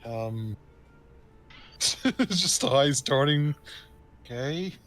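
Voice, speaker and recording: A man playing a tabletop game, talking casually in halting bursts with many fillers. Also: mid-range voice, a bit bright, rough recording. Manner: halting, lots of fillers and restarts. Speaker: player.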